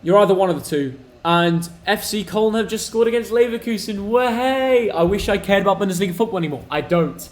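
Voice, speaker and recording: A young man hosting a live football watch-along stream, chatty and excitable, talking to his viewers. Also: sits high, quick pace, few pauses. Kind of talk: casual live match watch-along commentary.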